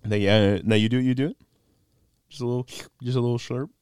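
This young North Carolina mountain man hosts a podcast with a medium-pitched, darkish voice that is clear and resonant, fairly even in intonation and quick in pace. Speaking into a studio mic, he chats casually, cracking jokes and spinning stories in which he quotes voices.

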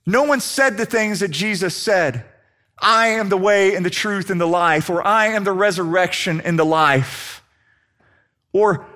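A man with a high voice preaching a sermon. He delivers it dramatically, slowing down and sinking low to press his points home. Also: bright, forceful tone. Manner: dramatic, slows down and drops low for emphasis.

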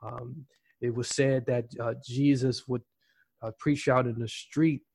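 A man's voice: mid-range voice, fairly even intonation, unhurried, creaky, darkish tone, slightly rough, dry recording. A man hosting a podcast in casual motivational talk, rambling, with lots of fillers and repeated words. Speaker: podcast host.

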